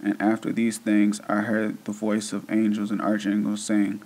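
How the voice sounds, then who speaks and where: Monotone man reading scripture. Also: on the low side, normal speed, few pauses, low-quality recording. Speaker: scripture reader. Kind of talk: religious text reading.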